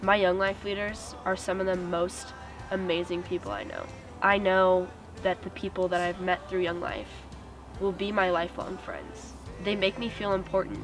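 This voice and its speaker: A teenage girl giving an earnest, steady personal testimony as a student. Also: lowish voice, moderate pace, poor audio. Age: teens. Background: music.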